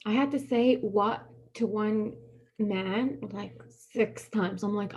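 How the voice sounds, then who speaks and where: A woman chatting casually with a friend, telling animated stories and acting out what people said. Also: medium pitch, slow pace, breathy edge. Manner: animated storyteller, acts out quoted voices, laughs often. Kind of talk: casual chat.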